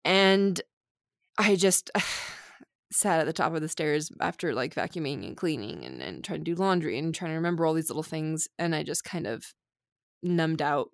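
A woman's voice: deep voice, gravelly, no room sound, clean studio sound. A woman in her thirties in a candid, casual conversation, venting her frustration with many fillers. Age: 30s.

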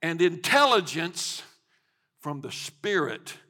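Middle-aged male pastor, fervent sermon delivery, high voice, echoing sanctuary. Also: very animated, takes it slowly. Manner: passionate preaching, swells to shouting. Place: church sanctuary. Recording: long church hall reverb.

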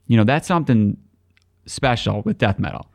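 A man's voice: mid-range voice, expressive, moderate pace, creaky, a little mellow, no room sound, studio quality. A man co-hosting a podcast, chatting casually and enthusiastically about albums, swearing now and then. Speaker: podcast co-host.

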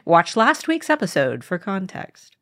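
A woman co-hosting a book podcast in a casual chat, lively and blunt, swearing casually. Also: mid-range voice, measured pace. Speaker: podcast co-host.

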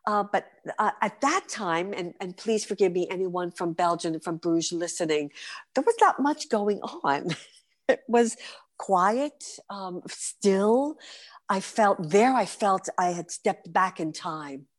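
Woman, fifties, New York accent, lively storyteller, podcast guest. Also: medium pitch, takes it slowly. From New York City. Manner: animated, vivid storyteller. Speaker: guest performer.

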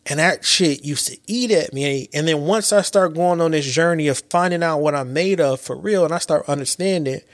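Male podcast host, late thirties, somewhat high pitch, close dry mic, animated storyteller with loose slang. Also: moderate pace, hardly any pauses, no echo. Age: late 30s. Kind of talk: casual reflective monologue.

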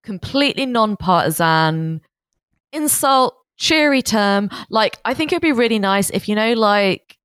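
A woman's voice: medium pitch, expressive, a little slow, a bit bright, smooth, no echo. Playful woman, swooping voice. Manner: rambling, playful, lots of fillers. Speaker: podcast co-host. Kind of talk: casual chat.

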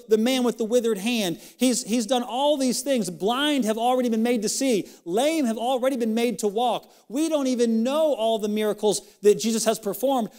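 A male pastor preaching a sermon and reading scripture. He is impassioned, and his voice climbs high on emphatic questions. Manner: reads old-style scripture in a quick, steady run.

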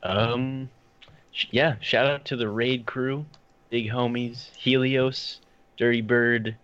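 A man guesting on a casual podcast, talking in a relaxed, rambling way. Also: medium pitch, slow, clear, resonant tone, dull audio. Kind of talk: casual chat.

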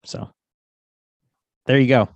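A man's voice: slow, dry recording. A man co-hosting a podcast, talking in a casual, rambling way with many restarts. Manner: rambling, with restarts and self-corrections. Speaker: podcast co-host. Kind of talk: casual chat.

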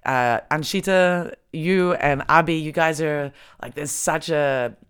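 Low-voiced Australian woman, blunt and casual. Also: slow pace, clear, resonant tone. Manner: blunt, swears freely, animated when angry. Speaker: podcast host, comedian. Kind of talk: casual chat.

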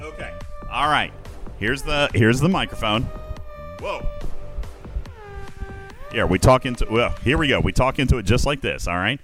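Lively playful male podcast host. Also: medium pitch, moderate pace, long pauses, soft background music. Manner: playful, hypes up his audience. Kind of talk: casual livestream podcast chat.

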